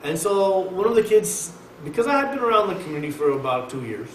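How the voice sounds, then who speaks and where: A man giving a conversational sermon at a mosque, lecturing in an emphatic, animated way. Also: high-pitched, fast talker. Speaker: mosque speaker. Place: mosque hall. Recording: echoey hall, mic far off, faint hiss.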